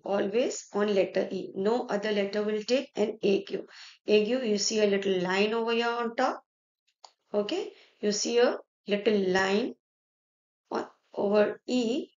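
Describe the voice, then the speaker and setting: A woman's voice: mid-range voice, darkish tone. A woman with an Indian accent teaching a French lesson, explaining step by step and checking in often with "right?" and "okay". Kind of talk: explaining a French lesson in mixed Hindi and English. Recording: echoey room, dull lo-fi sound.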